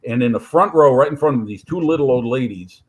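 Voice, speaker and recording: A man with a Midwestern American accent chats casually on a live panel. He rambles through his stories at a middling pitch, stopping often to restart a sentence or reach for a filler word. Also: expressive, quick pace, breathy edge, low-quality recording. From Chicago area, USA. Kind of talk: casual chat.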